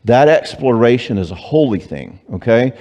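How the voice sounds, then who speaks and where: A man, a Christian psychologist giving an animated, joking conference talk on marriage. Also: medium pitch, lo-fi sound. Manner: animated, joking, acts out clients and spouses in quick voices. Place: church hall. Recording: long reverb of a church hall.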